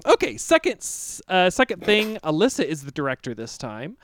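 A man's voice: high voice, wildly swooping pitch, normal speed, fairly bright tone. Rambling male improv comedian. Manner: earnest, rambling, playful. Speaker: improv performer and host.

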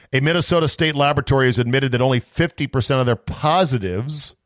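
A man's voice: mid-range voice, dry recording. A man hosts a solo sports podcast in a mid-range voice. He rants with exasperated sarcasm and the odd curse. The recording is dry, with no room sound. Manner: sarcastic, exasperated, profane ranting. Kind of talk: opinionated solo podcast monologue.

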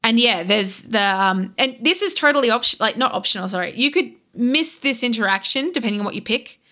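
A young woman with a fairly high, crisply bright voice talks on a podcast as a guest. She tells a story in a loose, rambling way, stopping and restarting often and packing her sentences with fillers. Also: fairly quick. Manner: rambling, animated retelling with many fillers and restarts. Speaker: podcast guest, content creator. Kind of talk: casual podcast chat.

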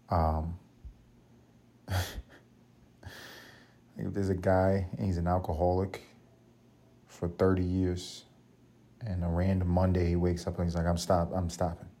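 A man's voice: deep voice, little pitch movement, takes it slowly, long pauses, dark tone. A man hosting a solo podcast, telling rambling, profane, joking stories in casual talk. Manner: rambling, profane, jokey storytelling. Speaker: podcast host.

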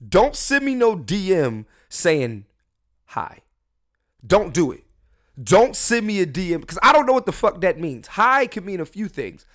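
A young man hosting a solo podcast from his room at home, drunk and high, talking loosely and jokingly, with mumbled asides that break into loud emphatic bursts. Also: very animated, unhurried. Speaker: podcast host. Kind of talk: casual solo podcast rant.

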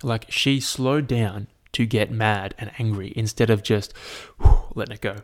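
A man's voice: fairly low pitch, fairly even intonation, a little slow. A young man, chatting casually to his audience in a rambling, sweary rant. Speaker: vlogger. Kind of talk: casual chat. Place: at home, at a laptop.

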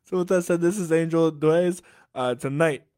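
A man's voice: on the high side, normal speed, a little mellow, faint music behind. A man hosting a casual interview podcast, asking curious, encouraging questions. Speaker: podcast host.

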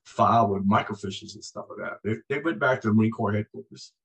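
A man in his sixties, a former Marine guest, telling stories in a lively, conversational way and acting out the voices in his anecdotes. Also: lowish voice, fairly quick, vocal fry, poor audio. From United States. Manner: animated storyteller, acts out voices in anecdotes. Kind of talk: conversational storytelling.

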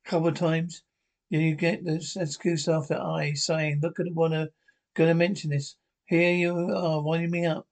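An older man with a Scottish accent in bantering, grumbling sitcom dialogue, quick to swear. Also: a little high, level tone, a little mellow.

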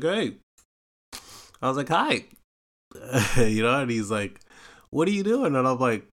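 A man's voice: on the low side, a bit bright, clear, resonant tone. A man with a London accent hosting a podcast, telling a personal story in a rambling, profane way with lots of fillers. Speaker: podcast host. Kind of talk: casual storytelling.

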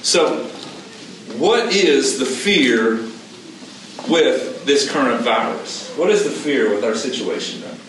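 A man preaching a conversational sermon, asking his listeners questions and repeating his key points in an animated way. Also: medium pitch, slow pace. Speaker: pastor. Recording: echoey room, distant mic, background noise.

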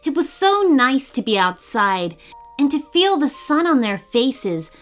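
Female kids' storyteller, slow and very expressive read-aloud, faint music under. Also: sits high. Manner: warm, animated and expressive. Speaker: children's storyteller.

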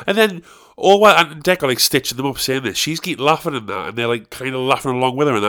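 Talking fast in a medium-pitched, fairly bright voice, a man hosting a podcast rants and rambles with plenty of swearing, his casual chat spiking into sudden bursts of outrage.

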